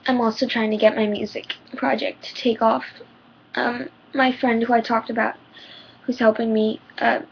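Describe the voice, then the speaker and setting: A woman's voice: a little high, flat delivery, moderate pace, vocal fry, lo-fi sound, slight background noise. A teenage girl giving personal advice in a rambling, heartfelt vlog, her voice shaking near tears. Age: teens. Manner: rambling, heartfelt, many ums. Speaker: vlogger.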